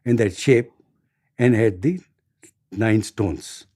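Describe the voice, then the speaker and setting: A man in his sixties with an Indian accent, telling a story in an interview in a halting way, repeating words and chuckling. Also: on the low side, mellow, dry recording, clean studio sound. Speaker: interview guest.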